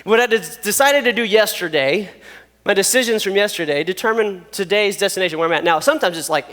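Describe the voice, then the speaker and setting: A young man preaching to youth, telling a story with lots of "like" and "um". His voice sits fairly high. A long reverb trails his words as if in a large hall. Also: fast talker. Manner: animated, acts out voices, frequent fillers like "like" and "um". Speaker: youth pastor.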